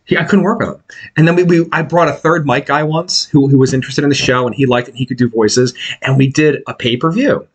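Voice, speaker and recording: A man's voice: mid-range voice, fast talker, slightly rough. A man co-hosting a podcast, telling stories in casual chat and acting out what other people said. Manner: animated storyteller who acts out other people's lines. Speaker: podcast co-host.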